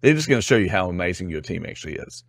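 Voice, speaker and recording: A man's voice: low-pitched, racing, creaky, dry recording. A man from New Zealand with a New Zealand accent, a guest telling stories in a casual interview, acting out quotes and laughing often. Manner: animated storyteller, acts out quotes, laughs often.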